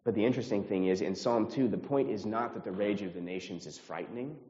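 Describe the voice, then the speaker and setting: A man's voice: lowish voice, fast talker, warm tone. An earnest male pastor from the United States preaching to his congregation, repeating phrases and lifting his voice when stirred. His voice rings through a church sanctuary with a long reverb tail, and the sound is a little dull. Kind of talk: sermon.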